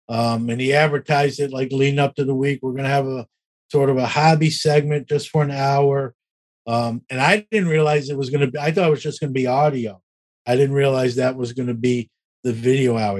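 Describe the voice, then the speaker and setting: A middle-aged man in relaxed conversation, spinning a long story with plenty of fillers and restarts. His pitch sits right in the middle for a man, and he drops lower and softer when he acts out what others said. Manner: rambling, self-deprecating, with many restarts and fillers. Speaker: podcast host telling his story as a guest.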